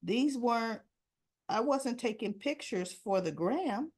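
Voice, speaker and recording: A woman's voice: a little high, expressive, slow pace, darkish tone, breathy edge. A woman hosting a casual soap opera recap, chatting and acting out the characters' lines with asides.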